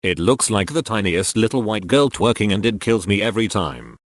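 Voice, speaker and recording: A man with a somewhat low voice reads short anecdotes aloud one after another. His delivery is steady and matter-of-fact, with a dry, close sound. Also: normal speed, no room sound. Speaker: narrator reading online posts.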